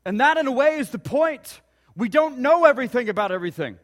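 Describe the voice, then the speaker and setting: High-voiced preacher in a reverberant hall. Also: male voice, expressive, fast talker, a bit bright. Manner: earnest storytelling with rhetorical questions. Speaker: pastor. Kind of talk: sermon.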